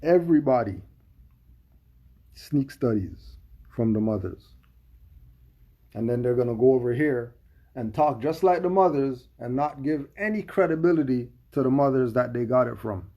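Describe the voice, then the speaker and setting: Male streamer, mid-pitched, raspy and fried, emphatic and questioning. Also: mellow. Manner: emphatic, full of rhetorical questions. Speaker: commentator. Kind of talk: livestream commentary.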